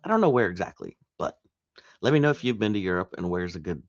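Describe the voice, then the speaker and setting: A man's voice: deep voice, sing-song, fast, no room sound, muffled recording. A man talking casually through a reselling vlog update at home, chatty and rambling. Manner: chatty, rambling, self-interrupting. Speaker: reselling vlogger.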